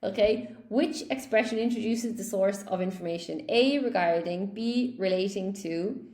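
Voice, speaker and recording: A woman's voice: mid-range voice, moderate pace, dark tone, echoey room. A woman teaching a live online English class, cheerfully praising students by name as she goes through quiz answers.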